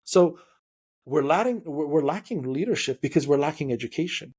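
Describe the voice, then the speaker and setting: A young man hosting a podcast interview, talking in an animated, opinionated way and slipping into quoted voices. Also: on the high side, brisk, slightly rough. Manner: animated, opinionated, mimics voices when quoting. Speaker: podcast host. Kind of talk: casual interview conversation.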